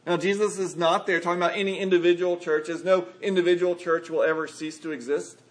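A man's voice: high-pitched, steady tone, a little fast. A man preaching a sermon earnestly, acting out quotes from scripture. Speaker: pastor.

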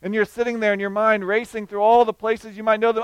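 A man's voice: sits high, fast, hardly any pauses, clean tone, dry recording, poor audio. A man preaching a sermon, telling the story with feeling and acting out the voices of the people in it.

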